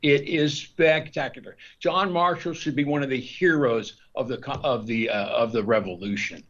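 A man's voice: medium pitch, moderate pace, a bit bright, dull audio. A man being interviewed as a guest author. He talks in long, rambling stretches, restarting often and repeating words. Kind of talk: discursive interview talk.

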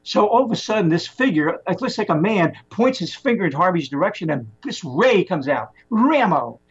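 Husky man telling a rambling story. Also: sits high, fairly quick. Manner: rambling, animated retelling with many restarts. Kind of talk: casual spoken storytelling. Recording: muffled lo-fi recording.

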